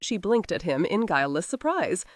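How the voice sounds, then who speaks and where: This is scripted audiobook narration by a woman with a fairly low pitch, speaking expressively at normal speed. The sound is clean studio audio, free of any room sound.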